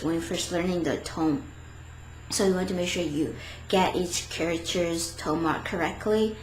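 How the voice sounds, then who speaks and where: A woman's voice: lowish voice, darkish tone. Chatty woman teaching in an echoey room. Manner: chatty, hesitant, self-correcting. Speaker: language teacher. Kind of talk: casual video lesson. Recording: echoey room, faint background noise.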